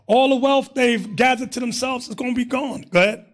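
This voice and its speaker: A man's voice: very high voice, fairly even intonation, a little fast. A man teaching a Bible class in an emphatic preaching manner, calling on readers and staff between points.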